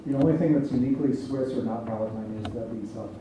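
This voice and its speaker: A man's voice: mid-range voice, fast talker. A man giving a lecture and answering audience questions, explaining points and asking "right?" as he goes. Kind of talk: public lecture Q&A. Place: lecture hall. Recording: echoey hall, distant mic, faint noise.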